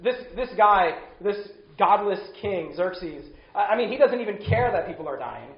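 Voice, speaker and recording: A man in his thirties with a high voice gives a relaxed, conversational sermon. He leans on filler words and keeps the tone chatty. The recording sounds roomy and a little muffled. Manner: casual, conversational preaching with frequent "like" fillers. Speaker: pastor.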